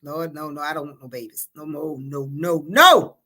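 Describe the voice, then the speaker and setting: A woman's voice: deep voice, normal speed, sharp tone. A woman hosting a casual livestream chat. She reads out viewer comments, laughs often and calls her viewers honey and baby.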